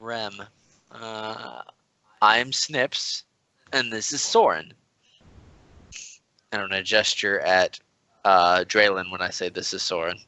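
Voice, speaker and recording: A man's voice: fairly low pitch, steady tone, slow pace, long pauses, bright, forceful tone, clear, resonant tone, no room sound. A man playing a tabletop game, joking and teasing the others. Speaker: player.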